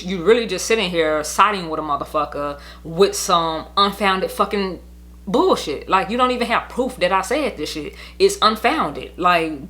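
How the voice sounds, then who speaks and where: A woman's voice: fairly low pitch, fairly bright tone. A young woman telling her custody story in a casual storytime monologue, blunt, heated and profane, rambling as she goes.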